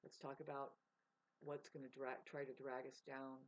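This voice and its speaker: A woman's voice: rumbling low, little pitch movement, normal speed. A woman vlogging in a rambling, profane casual monologue, laughing mid-sentence. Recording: dull lo-fi sound.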